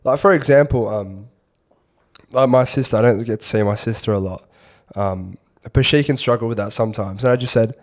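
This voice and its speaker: A young Australian man co-hosting a podcast, relaxed and easygoing, telling stories in casual chat. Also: medium pitch, fairly quick. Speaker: podcast co-host.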